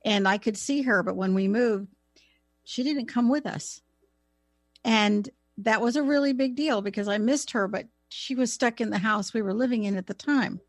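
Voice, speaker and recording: Calm, high-voiced woman radio host. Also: normal speed, no echo. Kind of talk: spiritual advice talk.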